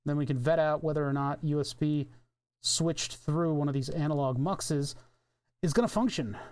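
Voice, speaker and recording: A man's voice: on the high side, moderate pace, a little mellow, a little hiss or hum. Rambling man thinking aloud at a workbench. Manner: rambling, offhand, thinks aloud, swears casually. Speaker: electronics streamer. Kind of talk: casual live-stream chat while soldering. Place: home electronics workbench.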